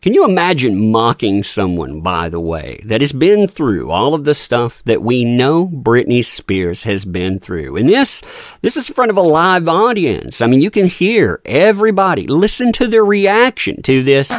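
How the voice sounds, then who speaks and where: A male commentary host with a lively, up-and-down delivery. He reacts to clips with mocking disbelief. His voice is close and dry, with no room sound around it. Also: medium pitch, normal speed, no echo.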